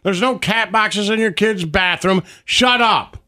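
A man's voice: high voice, steady tone, a little slow, sharp tone. A man co-hosting a podcast, bantering in a blunt, jokey, emphatic way. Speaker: podcast co-host. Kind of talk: casual banter.

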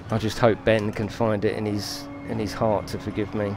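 Over background music, a man with a lowish voice narrates his own racing game on a live stream. He swears, apologizes and giggles as he goes.

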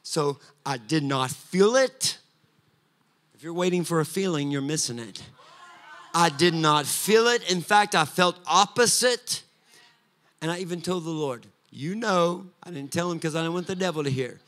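A man preaching a sermon, moving between quiet, conversational asides and loud, sing-song exhortation. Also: fairly high pitch, moderate pace. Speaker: pastor. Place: church sanctuary.

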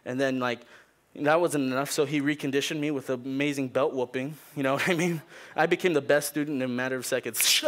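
A man's voice: mid-range voice, brisk. A young man preaching a sermon, telling a funny story and acting out the people in it. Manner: animated, jokey, acts out people in the story. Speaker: pastor.

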